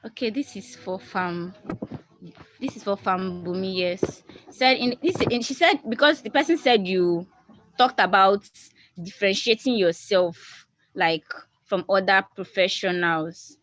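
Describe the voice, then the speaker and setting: A woman's voice: medium pitch, unhurried, a bit bright, slight background noise. A woman moderating a video call Q&A, reading questions aloud with hesitant restarts. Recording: dull lo-fi video call audio.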